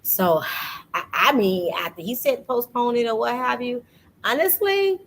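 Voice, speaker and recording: A woman hosting a casual faith talk, telling a personal story with lively energy and acting out what people said to her. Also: on the high side, moderate pace, rough recording. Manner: animated storytelling, acts out quoted voices. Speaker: podcast host. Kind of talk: casual faith testimony chat.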